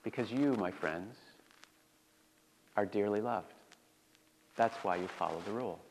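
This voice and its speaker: A man's voice: lowish voice, measured pace, a little mellow, slight background noise. Conversational male preacher in a reverberant church. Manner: conversational preaching with rhetorical questions. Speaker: pastor. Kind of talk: sermon. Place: church sanctuary. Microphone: handheld or stand mic. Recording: long reverb of a church hall.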